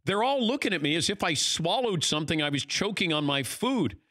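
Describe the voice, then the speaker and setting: An older man hosting a casual chat, telling stories in an animated way and acting out what people said. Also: fairly high pitch, fairly quick, dry recording, clean studio sound. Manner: animated storytelling, acting out quoted lines. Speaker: host.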